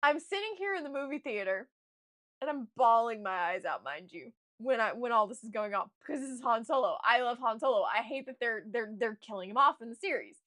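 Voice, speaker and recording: A young woman author chatting casually to her stream viewers, telling an animated, gushing story with restarts. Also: a little high, a little fast. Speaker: author streaming a writing session.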